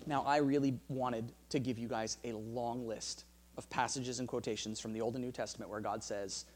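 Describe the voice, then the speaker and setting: A man preaching a sermon in an earnest way, often repeating words and dropping softer to read scripture. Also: medium pitch, steady tone, moderate pace, slight background noise. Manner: earnest, repeats phrases, drops soft for scripture. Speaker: pastor.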